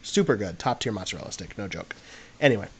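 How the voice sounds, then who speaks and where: A young man tells a meandering story on a podcast. His voice sits a little low, and he piles on fillers as he talks in a loose, chatty way. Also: fast, a little hiss or hum. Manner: rambling, animated anecdote with frequent fillers. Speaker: podcast co-host. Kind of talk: casual storytelling chat.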